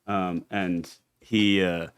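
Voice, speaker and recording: A man appearing as a comedian guest on a podcast, talking in a relaxed, casual way with some hesitation. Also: sits low, drawn-out words, clean tone. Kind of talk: casual chat.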